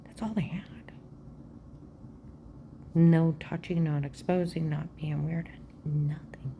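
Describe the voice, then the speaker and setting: A woman talking straight at the camera in a rambling personal monologue, agitated and aggrieved, jumping from claim to claim and often dropping to a hushed, half-whispered voice. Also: low voice, fairly even intonation, slow pace, gravelly, slight background noise. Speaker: vlogger.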